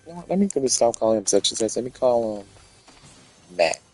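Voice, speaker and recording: A man's voice: mid-range voice, lively intonation, a little fast, darkish tone, slightly rough, no echo, soft background music, poor audio. A man telling a rambling, profane story in a casual rant.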